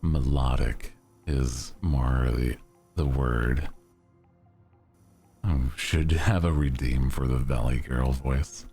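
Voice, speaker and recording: A man's voice: extremely low pitch, steady tone, takes it slowly, long pauses, dark tone, husky, soft background music. A man chatting casually on a live stream as its host, with a melodic, lilting delivery that rises at the ends of sentences.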